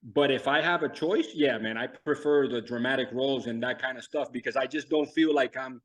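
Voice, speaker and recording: Middle-aged man, guest actor, earnest and reflective, mid-pitched, on a call. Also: brisk, low-quality recording. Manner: earnest, self-reflective, acts out quotes. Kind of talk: casual interview chat.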